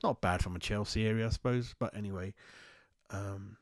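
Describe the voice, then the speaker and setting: A man's voice: lowish voice, fairly even intonation, moderate pace, dry recording. A man from West London with a London accent, hosting a football fan channel in a casual, rambling, blunt monologue. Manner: rambling, blunt, self-mocking.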